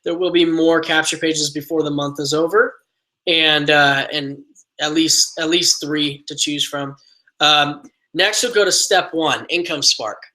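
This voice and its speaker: Male online trainer, bright, upbeat motivational delivery, loose and filler-heavy. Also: on the high side, rough recording. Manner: energetic motivational coaching, many fillers. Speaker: team trainer. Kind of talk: live online training webinar.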